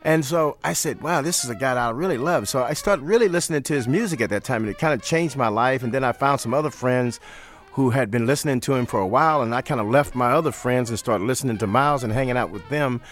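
An older man from St. Louis, telling stories as an interview guest in a relaxed manner, repeating phrases. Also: mid-range voice, quick pace. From St. Louis, USA. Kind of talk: storytelling in an interview.

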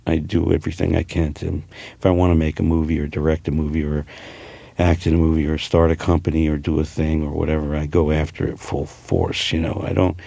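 A man's voice: extremely low pitch, little pitch movement, brisk, creaky, dark tone, no echo. A man from New Jersey with a New Jersey accent, an actor talking casually in an interview, rambling with many fillers and restarts. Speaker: actor guest.

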